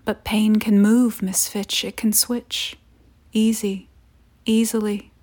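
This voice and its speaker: A woman reading aloud as sinister, teasing mysterious men, in a soft and hushed voice. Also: mid-range voice, little pitch movement, slow. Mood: sly, hushed.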